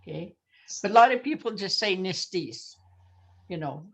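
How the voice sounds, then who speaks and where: A woman's voice: mid-range voice, lively intonation, normal speed, husky. An older woman teaching a language lesson over a video call, patiently repeating words for her learners.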